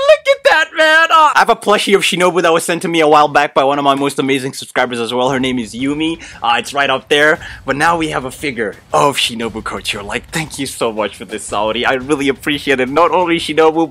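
A young man with a fairly high voice hosts an unboxing vlog. He talks in an excitable, gushing way and leaps up in pitch with every exclamation. Faint music plays behind him. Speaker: unboxing video host.

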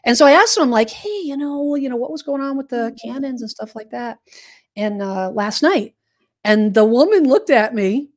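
A woman's voice: a little high, animated, moderate pace, darkish tone. Rambling woman telling a spooky anecdote. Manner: rambling, meandering storytelling with many restarts. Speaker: podcast co-host. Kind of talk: casual storytelling chat.

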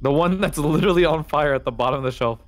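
A woman co-player in casual gaming chat, calmly guiding the others through the game. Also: low voice, fast. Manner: directive, calm, guides the others. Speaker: experienced co-player giving directions.

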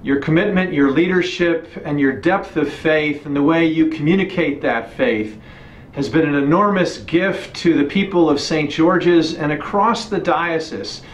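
A man delivering a formal, measured tribute. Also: fairly high pitch. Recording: echoey room.

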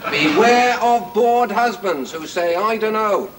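An actor playing a prim, moralizing English gentleman, pompous and preachy, in a 1970s TV sketch. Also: sits high, animated, slow pace, background noise.

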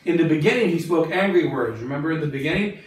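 A man's voice: on the high side, animated, fast. A man, a bishop, giving a catechism talk to religious sisters, asking his listeners questions and repeating phrases for emphasis. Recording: very echoey room, mic far off.

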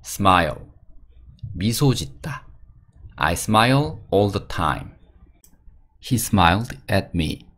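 A man teaching English vocabulary, reading each word, its meaning and example sentences in a steady drill. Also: sits low, unhurried, pauses often.

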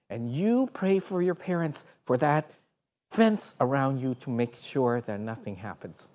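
Woman storyteller, animated kids' segment, studio broadcast. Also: sits low, a little slow. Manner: animated, sound effects. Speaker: children's storyteller. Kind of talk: children's story and devotional.

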